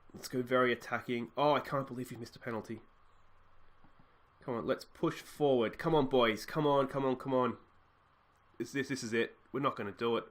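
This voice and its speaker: Australian man, 30s, gaming host; mid-pitched, excitable play-by-play that flips to deflated murmurs. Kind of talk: live football game commentary.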